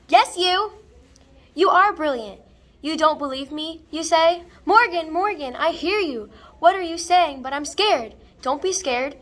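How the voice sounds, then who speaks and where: A woman's voice: sits high, pushed and bright, full character voice. A young woman acting an over-the-top motivational speaker in a stage monologue, preachy and earnest. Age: young adult. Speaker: student actor.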